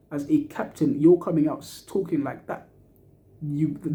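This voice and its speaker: A man's voice: on the high side, normal speed, mellow. A young man, ranting angrily about a football match, swearing and using street slang. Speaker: football fan reacting to a match. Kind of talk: angry post-match fan rant.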